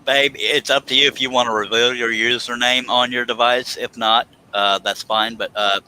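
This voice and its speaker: A man's voice: mid-range voice, steady tone, moderate pace, bright, forceful tone, a little hiss or hum, low-quality recording. A man hosting a live stream from his workshop, joking and affectionate in casual chat.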